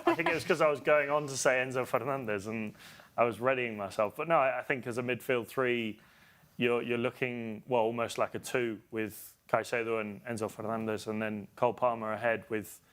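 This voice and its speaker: A man's voice: medium pitch, steady tone, fairly quick, a bit bright. A man talking as a football pundit, thinking aloud with hesitant restarts as he breaks down tactics. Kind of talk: football analysis chat.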